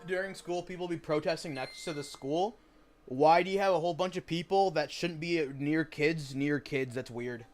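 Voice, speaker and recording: A man's voice: on the high side, normal speed, soft background music. A young man giving casual gameplay commentary, rambling and opinionated, with frequent swearing. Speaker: gaming streamer.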